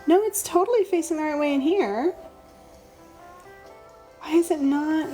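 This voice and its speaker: A woman's voice: high voice, measured pace, dark tone, soft background music. A woman chatting casually and thinking aloud as she draws on a live stream, with frequent ums. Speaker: digital artist streaming live. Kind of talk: casual live-stream chat while drawing.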